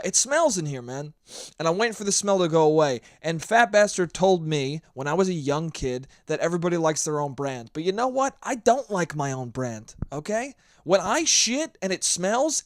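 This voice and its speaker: A man's voice: a little high, dry recording, studio quality. A man hosting a solo podcast, rambling and profane in a casual, self-mocking monologue. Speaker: podcast host.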